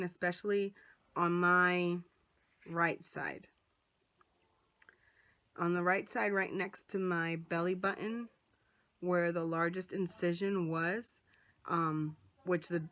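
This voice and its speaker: A woman vlogger chatting to a small camera at close range, lively and animated, acting out what others said. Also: fairly low pitch. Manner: chatty, animated, acts out quoted voices. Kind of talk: casual storytelling to camera. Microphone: phone or small camera close up.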